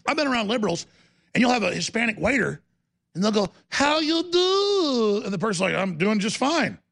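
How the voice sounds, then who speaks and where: A man hosting a talk radio show, ranting aggressively in a rapid-fire manner. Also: high voice, gravelly, a bit bright, breathy edge.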